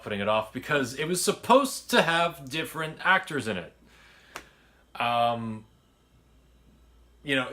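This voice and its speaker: A man's voice: lowish voice, pushed and bright. A man telling a casual story about making his sketch, rambling with lots of restarts and fillers and casual swearing. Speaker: filmmaker recounting his sketch.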